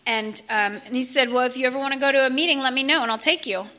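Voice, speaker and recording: Bright-voiced woman sharing her story. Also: high-pitched, quick pace. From California. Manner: conversational, with fillers and restarts. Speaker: speaker sharing recovery story. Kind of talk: personal testimony to a group.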